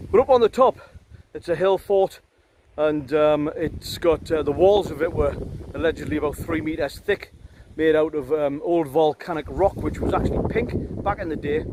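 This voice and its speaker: A man's voice: on the high side, very animated, moderate pace, dark tone. A middle-aged man talks casually to camera on a hike, rambling with lots of ums and uhs and some wry teasing of his companion. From Northumberland, England. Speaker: hiking vlogger. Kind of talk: casual walking commentary. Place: windy open hillside outdoors. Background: wind and background music.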